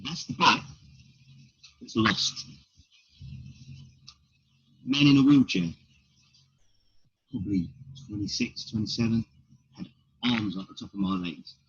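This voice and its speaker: Gravelly bloke, low voice, blunt comic stories, muffled lo-fi sound. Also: male voice, expressive, slow, pauses often. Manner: blunt, rhetorical questions, swearing. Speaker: stand-up comedian. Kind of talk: storytelling in an interview. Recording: dull lo-fi recording.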